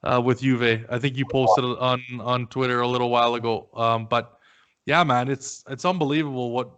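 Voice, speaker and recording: A man hosts a relaxed podcast conversation. He talks loosely and casually, drops the odd curse word, and chuckles through his own anecdotes. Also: mid-range voice, moderate pace, smooth. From Canada. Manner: chatty, swears casually, laughs while telling stories. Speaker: podcast host.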